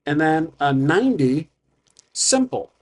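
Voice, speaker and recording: A man's voice: on the high side, very animated, slow. Man rambling through a solo tabletop game. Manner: rambling, many fillers and tangents.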